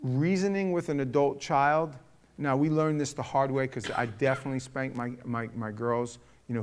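A middle-aged man leading a casual parenting talk to a group, telling stories in a lively, animated way. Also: mid-range voice, smooth.

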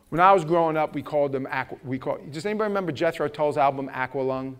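A middle-aged man preaching a sermon, telling stories with acted-out voices and rising to shouts at the peaks. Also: mid-range voice, quick pace, hardly any pauses, clear, resonant tone. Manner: animated storytelling, acting out voices, shouting at peaks. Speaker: pastor.

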